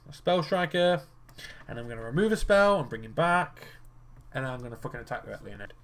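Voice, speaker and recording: A man's voice: mid-range voice, lively intonation, a little fast. A young man rambling in casual commentary while he plays a card game, swearing freely and restarting his sentences as he gets worked up. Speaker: gaming video creator.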